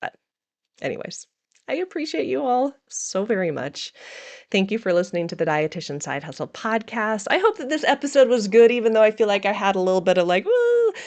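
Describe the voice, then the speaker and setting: Candid, emotional woman podcast host, gravelly. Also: medium pitch, very animated, fairly quick, a little mellow. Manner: candid, emotional, laughs often. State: emotional, feeling raw. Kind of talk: casual personal podcast monologue.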